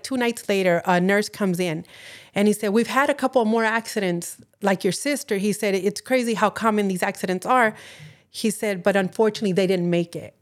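Californian woman on a chat podcast, earnest, telling a faith story, acts out the voices. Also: mid-range voice. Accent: Californian English. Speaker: podcast co-host. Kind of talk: personal testimony in casual chat.

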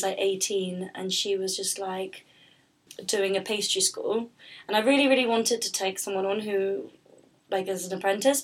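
A husky-voiced woman talks casually about her work, drifting and restarting her sentences and filling gaps with ums. Her pitch stays fairly flat throughout. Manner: rambling, with many fillers and restarts. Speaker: pastry business founder, guest. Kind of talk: casual interview chat.

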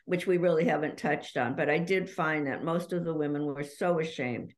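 A middle-aged woman, an author guest on a podcast, chatting and reading passages from her book in an animated, storytelling way. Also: low-pitched, normal speed. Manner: animated storyteller who reads passages aloud. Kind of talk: podcast conversation.

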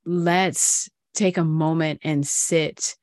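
A woman's voice: sits low, steady tone, very slow, darkish tone, no echo. A woman hosting a faith-based podcast conversation, affirming her guest and talking casually with many "like"s. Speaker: podcast host.

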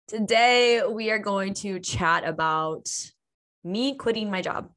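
A young woman hosts her own podcast, chatting unscripted in a mid-range, slightly bright voice at a slow pace. She gets emotional, laughs, and swears freely as she talks casually.

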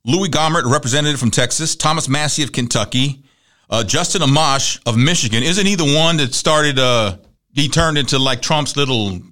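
A man's voice: mid-range voice, normal speed, bright, forceful tone. A man hosting a talk show, casually running through news and celebrity gossip with wry asides and laughs at his own jokes.

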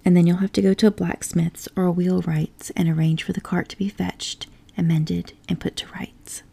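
A woman's voice: fairly low pitch, flat delivery, normal speed, vocal fry, mellow, breathy edge. A woman voicing a stern, practical male water rat who speaks firmly and sharply, in a whispered role-play of a storybook. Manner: firm, stern, exasperated.

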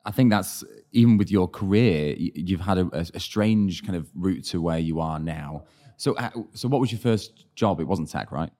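A podcast host running a casual interview, enthusiastic and quick to laugh along. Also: low-pitched, expressive, mellow.

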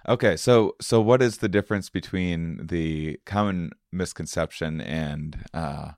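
A man's voice: sits low, a little slow, a little mellow, dry recording, studio quality. A man hosting a podcast interview, asking questions hesitantly with fillers. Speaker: podcast host.

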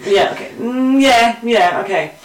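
A woman co-hosting a casual true crime podcast, swearing a lot and jumping into loud bursts of outrage. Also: on the high side, a little slow, distant mic, crowd noise. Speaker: podcast co-host. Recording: echoey room, voice a bit off-mic.

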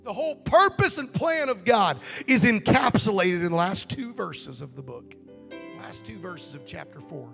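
A man preaching a sermon as pastor, shifting from quiet, hushed passages to loud, shouted appeals, acting out the voices he quotes. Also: sits high, animated, normal speed, gravelly, long reverb tail, faint music behind. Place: church sanctuary.

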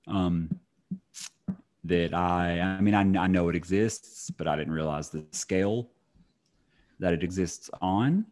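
A man's voice: low-pitched, unhurried, pauses often, a little mellow. A young man co-hosting a casual true-crime podcast, joking dryly with wry asides. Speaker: podcast co-host.

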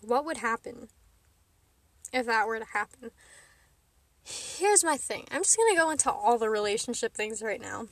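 A woman with a high, bright-pitched voice talks straight to camera from inside her car. She rambles in a casual, chatty way, giggling and poking fun at herself. The sound is close and dry, with no room echo. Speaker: vlogger host. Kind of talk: casual vlog chat.

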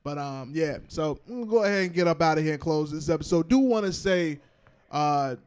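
A man's voice: a little high, expressive, normal speed, darkish tone, clear, resonant tone. A young man co-hosting a podcast, chatting casually and joking in a laid-back, slangy way. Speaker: podcast co-host. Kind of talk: casual chat.

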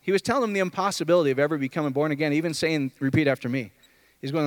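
A man preaching an informal sermon, jumping from loud high outbursts to low murmurs and asking the room questions. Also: rapid-fire, clean tone, no room sound. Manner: conversational, asks the room questions.

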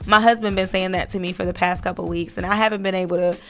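A woman's voice: on the low side, steady tone, fast, fairly bright tone, faint music behind. A woman hosting her own podcast, talking earnestly in a casual, encouraging monologue with lots of fillers. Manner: earnest, motivational, many fillers. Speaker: podcast host.

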